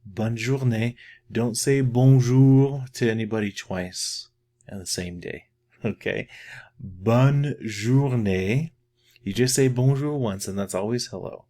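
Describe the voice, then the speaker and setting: A middle-aged man teaching a French lesson, patiently repeating each phrase slowly and more loudly so learners can practice. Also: medium pitch. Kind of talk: slow spoken language lesson.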